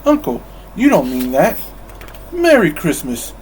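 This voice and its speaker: A man voicing a cheerful, charming young man in a storybook reading, speaking out boomingly. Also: wildly swooping pitch, unhurried, a little hiss or hum. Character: cheerful, warm-hearted young man nephew.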